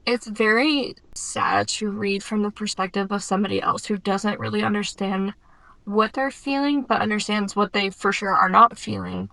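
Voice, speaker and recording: A woman's voice: mid-range voice, normal speed, creaky, sharp tone, rough recording. Chatty young woman reviewing a book. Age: 20s. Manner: chatty, uses filler "like" often. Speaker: book vlogger. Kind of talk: casual book review vlog.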